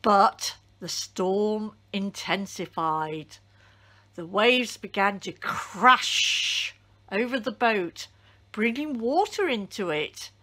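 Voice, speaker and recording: Lady reading a bible story for kids, super slow, pitch all over the place. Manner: deliberate, expressive storytelling. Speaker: church storyteller.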